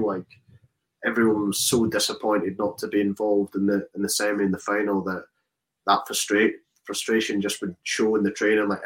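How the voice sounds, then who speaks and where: Low-voiced man chatting casually, lots of fillers. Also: fairly bright tone, poor audio. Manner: casual, rambling with many fillers and restarts. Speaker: rugby player guest. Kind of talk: casual interview chat.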